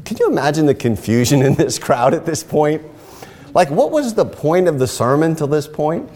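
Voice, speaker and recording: A man preaching a sermon, telling stories and rising into emphatic, animated lines. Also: on the high side, moderate pace. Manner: animated storytelling with emphatic rises. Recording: long hall reverb.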